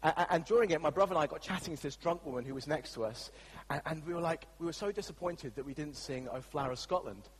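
A man's voice: fairly high pitch, fast talker, husky, in a large hall, poor audio. An English man preaching a sermon as the church pastor, telling a story in a chatty, anecdotal way with frequent fillers. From England.

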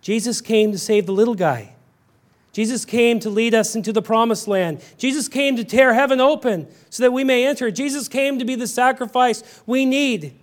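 Man, pastor, sermon, high-pitched voice, emphatic, hushed then rising delivery. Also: moderate pace. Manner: emphatic, swinging from hushed storytelling to raised exclamations.

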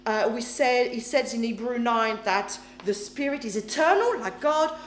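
A woman with a slightly high voice preaches at a normal pace to a congregation, using English as a second language. Her delivery is emphatic with frequent check-ins, captured in an echoey church hall with slight background noise.

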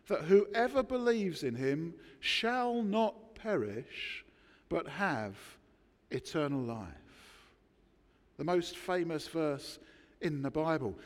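A man preaching a sermon, emphatic, with dramatic pauses between words. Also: fairly high pitch, a little mellow, long reverb tail. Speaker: pastor. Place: church.

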